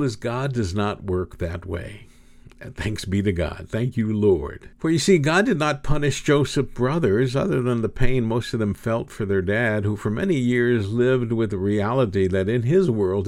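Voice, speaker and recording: A man preaching a sermon, with dramatic, slow, emphatic delivery and big swings in pitch and volume. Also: lively intonation, darkish tone.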